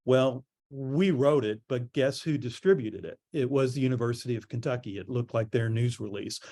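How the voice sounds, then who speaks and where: A middle-aged man giving a conference presentation on public relations, telling stories in a relaxed, conversational way. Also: medium pitch, normal speed. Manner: conversational storytelling, animated quoting.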